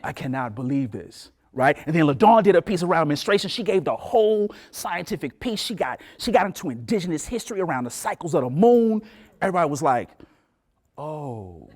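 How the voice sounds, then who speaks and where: Animated male lecturer, lively storytelling. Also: a little high, a little fast. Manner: animated storyteller, acts out voices, laughs. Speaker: professor giving a talk.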